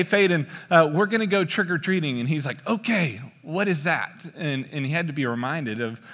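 A man in his thirties preaching a sermon, telling a story in a relaxed, joking way with frequent "uh" fillers. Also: medium pitch. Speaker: pastor. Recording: long hall reverb.

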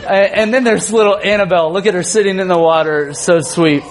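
A man in his thirties, a youth pastor telling a funny family story in a sermon, animated and often laughing. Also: high voice, fairly quick, a little hiss or hum.

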